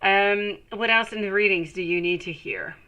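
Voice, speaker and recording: A woman's voice: medium pitch, normal speed, sharp tone, highs cut off. A woman giving a live-streamed tarot reading, chatting with viewers and calling them sweetie as she reads the cards. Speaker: tarot reader.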